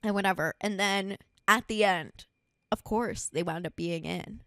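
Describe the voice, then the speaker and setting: Young woman host, animated profane storyteller, dry close sound, comedic podcast chat. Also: mid-range voice, unhurried, creaky, no echo.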